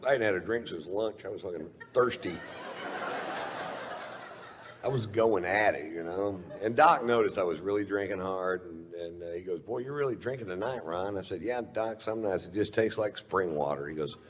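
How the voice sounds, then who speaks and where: Deep-voiced profane comedian. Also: male voice, normal speed, a little hiss or hum. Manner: drawling, profane, dry storytelling. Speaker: stand-up comedian. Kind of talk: stand-up storytelling. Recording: live stage recording with long hall reverb. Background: faint audience laughter.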